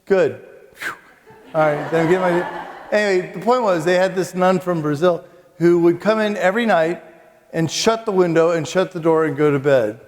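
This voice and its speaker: A man's voice: sits high, normal speed, big-room sound. A man, a Catholic monk and priest, telling humorous, self-mocking stories at a retreat before a live audience. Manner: chatty, self-mocking, with asides and comic timing. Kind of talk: humorous storytelling retreat talk.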